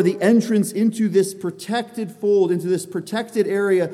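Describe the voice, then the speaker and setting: A man's voice: high voice, fairly even intonation, normal speed, mellow. A man preaching an expository sermon, earnest and emphatic, driving points home by repeating them. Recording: long reverb of a large hall.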